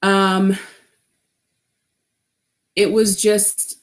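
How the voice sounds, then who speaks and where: A woman's voice: medium pitch, flat delivery, very slow. A woman hosting a casual livestream, talking frankly with many restarts, nervous laughs and swearing. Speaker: livestream host. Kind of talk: casual livestream chat reading comments.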